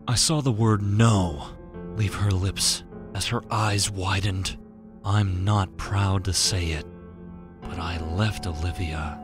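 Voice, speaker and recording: Male horror storyteller, unhurried and hushed, lowish voice over faint music. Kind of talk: scripted horror narration. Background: faint background music.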